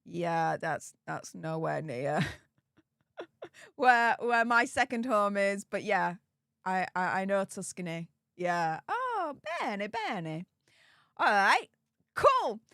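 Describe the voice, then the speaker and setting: A woman's voice: medium pitch, big pitch swings, slow, vocal fry, fairly bright tone, no echo, studio quality. A woman hosting a casual live stream, chatting and reading out viewer comments, laughing often and repeating herself. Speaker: livestream host.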